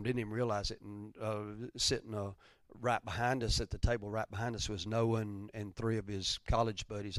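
Man preaching, loud swells to whispers. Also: fairly low pitch, no room sound, clean studio sound. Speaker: pastor. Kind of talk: sermon.

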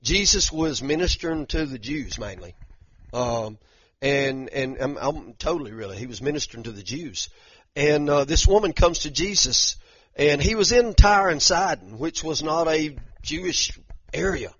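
A man's voice: a little high, expressive, moderate pace, a bit bright, husky, no echo, highs cut off. A man preaching a sermon in a conversational way, often restarting and repeating words as he talks straight to the congregation. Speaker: pastor.

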